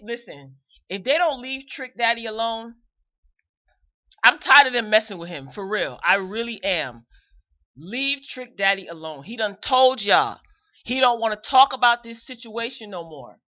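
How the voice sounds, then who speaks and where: Bright-voiced woman laughing through gossip. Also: fairly high pitch, muffled recording. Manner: laughing often, animated retelling. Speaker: morning show host. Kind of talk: casual chat.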